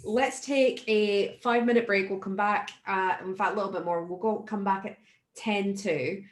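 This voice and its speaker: A woman's voice: mid-range voice, moderate pace. Chatty woman co-host in an echoey room. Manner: relaxed, chatty. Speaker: webinar co-host. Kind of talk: casual chat. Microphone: video call.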